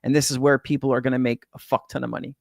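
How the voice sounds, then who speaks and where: A man's voice: medium pitch, little pitch movement, very fast, gravelly, a little mellow, no echo, studio quality. A middle-aged man from California hosting a crypto livestream, chatting casually with viewers in slangy, swearing banter. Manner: laid-back slang-heavy, swears, says man and bro. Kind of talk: casual livestream chat reading viewer comments. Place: home in Hawaii.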